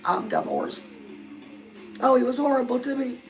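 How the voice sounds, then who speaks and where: A woman hosts a love and dating advice talk in a high, gravelly voice. She chats in a confiding way, as if to a close friend, while faint music plays underneath. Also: wildly swooping pitch, moderate pace, rough recording. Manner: chatty, confiding, addresses listeners as girl. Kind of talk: casual advice talk to viewers.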